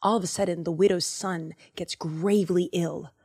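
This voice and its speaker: A woman's voice: on the low side, fairly even intonation, moderate pace, dark tone, husky. A woman hosting a podcast, retelling Bible stories in a casual, slangy, chatty way. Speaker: podcast host.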